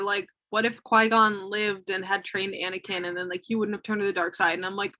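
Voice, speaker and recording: A young woman in casual podcast chat, mid-pitched and animated. She argues her views freely, with plenty of fillers along the way. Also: a little fast, few pauses. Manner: animated, opinionated, filler-heavy. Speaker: podcast co-host.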